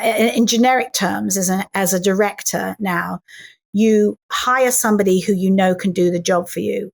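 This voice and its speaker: A middle-aged actress, a woman, chatting as an interview guest and telling animated stories full of acted-out lines. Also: mid-range voice, gravelly. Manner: animated storyteller who acts out voices in quotes. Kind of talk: casual interview chat.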